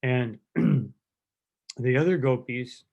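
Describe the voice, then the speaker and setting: A man giving a devotional lecture, telling stories with quoted lines and often clearing his throat. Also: medium pitch, slow, darkish tone, lo-fi sound. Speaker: spiritual teacher giving a lecture.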